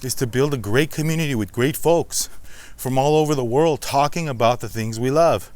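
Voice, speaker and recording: A man's voice: mid-range voice, no echo. A man hosting a casual walk-and-talk vlog outdoors, a little out of breath as he climbs a steep hill and talks reflectively to his viewers. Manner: chatty, addresses viewers as guys, reflective. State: out of breath walking uphill. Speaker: slots channel host.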